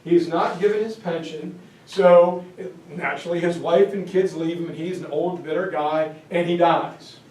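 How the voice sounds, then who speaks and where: A man giving a history lecture as lively storytelling, acting out quoted voices and joking asides. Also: on the high side, normal speed, hardly any pauses. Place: classroom or lecture hall. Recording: echoey room, mic far off, faint ambience.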